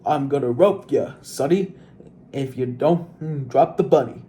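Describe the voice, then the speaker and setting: A man's voice: mid-range voice, a little slow, warm tone, natural voice. A man voicing a cheerful, bouncy storybook tiger with a boisterous, playful manner. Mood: swaggering.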